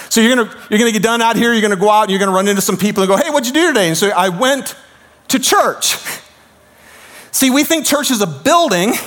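A man preaching a sermon as pastor, swinging from shouts down to hushed, quiet lines. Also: very high-pitched.

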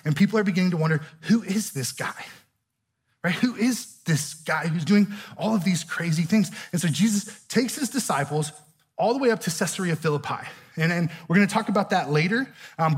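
A male pastor, preaching a conversational sermon and often checking in with "right?". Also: sits high. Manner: conversational, keeps asking "right?".

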